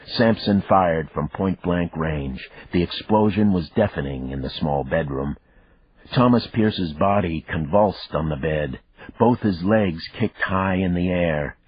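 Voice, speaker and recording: A man with a very low, slightly husky voice narrates a thriller audiobook at a slow, measured pace. The recording is dry and a bit dull, with no room sound. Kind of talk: first-person audiobook narration.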